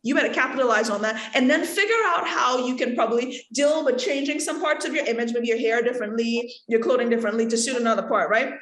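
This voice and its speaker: A Caribbean woman leads an acting workshop in an echoey room, addressing the group directly and animatedly acting out examples. Her voice is on the high side, and she talks fast with hardly any pauses.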